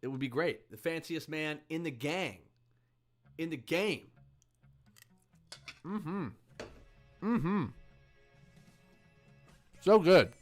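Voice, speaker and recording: A man, a musician, chatting casually and excitedly with viewers on a livestream. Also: on the high side, drawn-out words, long pauses, soft background music. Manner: upbeat, rambling, excited.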